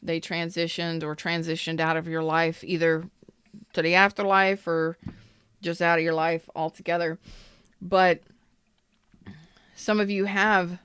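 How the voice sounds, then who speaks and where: A woman hosts a casual live-streamed tarot reading, speaking in a smooth, clear voice. She talks bluntly, swears now and then, and greets viewers by name. The sound is dry and close, with little room echo. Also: on the low side, flat delivery, unhurried, long pauses, a bit bright. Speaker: tarot reader.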